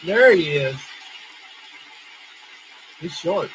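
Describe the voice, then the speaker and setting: A man's voice: fairly high pitch, expressive, drawn-out words, a bit bright, a little hiss or hum. A man hosting a show, giving blunt, profane and mocking commentary over a played clip. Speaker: host.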